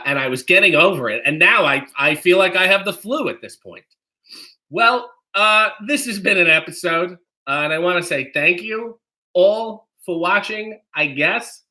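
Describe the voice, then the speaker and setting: Male stream host with a cold: high and very bright, reads chat, then rants in profane mock outrage. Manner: mock-indignant ranting, profane. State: has a cold. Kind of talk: reading viewer comments on a live stream.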